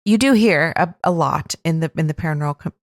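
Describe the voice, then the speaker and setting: Chatty low-voiced woman podcast host. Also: quick pace, no echo, clean studio sound. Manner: chatty, rambling, self-interrupting. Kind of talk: casual commentary on listener stories.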